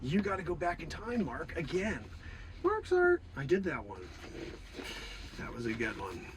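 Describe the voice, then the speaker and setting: A man hosting an improvised comedy stream, sounding a bit hoarse, swinging from mock-outraged shouting to low muttering. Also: huge pitch swings, measured pace, background noise. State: hoarse, losing his voice.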